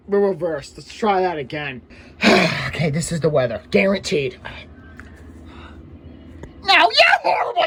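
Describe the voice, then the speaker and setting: A woman's voice: fairly high pitch, slight background noise. A woman voicing a shrieky, childish comedy character who whines and panics about snacks and gadgets. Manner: screeching, whiny, panicky outbursts.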